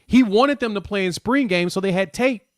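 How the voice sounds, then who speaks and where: A man's voice: high voice, normal speed, a crowd in the background. A man co-hosting a casual sports talk show, thinking aloud and correcting himself as he goes. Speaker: co-host.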